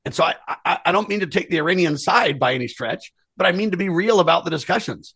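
A man talks politics as a co-host, leaning hard on his points and speaking straight to the audience. His voice is somewhat husky and sits a bit high. The recording is close and dry. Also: expressive, quick pace, a bit bright, no room sound. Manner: earnest, emphatic, addresses listeners directly. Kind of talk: political commentary chat.

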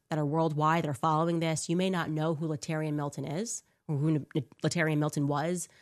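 A woman hosting a commentary show, talking in a sarcastic, mocking way and firing off rhetorical questions. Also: on the low side. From United States. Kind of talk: casual commentary monologue.

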